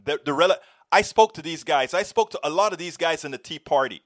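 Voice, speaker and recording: A man's voice: fairly high pitch, fast. A man speaking as an author in a heated discussion, making points emphatically, repeating himself and telling anecdotes. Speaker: author and guest. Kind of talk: impassioned discussion.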